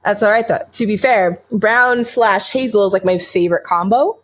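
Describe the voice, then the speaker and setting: A woman's voice: mid-range voice, normal speed. An American woman co-hosting a podcast, chatting casually in a bubbly, rambling way and laughing often. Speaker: podcast co-host. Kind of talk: casual chat on a livestreamed podcast.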